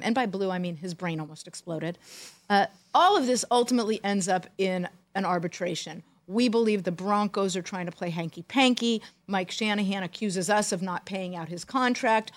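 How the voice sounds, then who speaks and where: A woman co-hosting a podcast, a former team executive telling animated stories with dry jokes. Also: medium pitch, dry recording. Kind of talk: casual storytelling chat.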